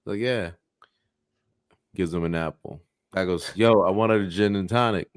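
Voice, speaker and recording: Male podcast co-host, low pitch, dry close sound, crude storyteller. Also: normal speed, no room sound. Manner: storytelling, swearing, acts out voices in jokes. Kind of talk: casual comedic chat.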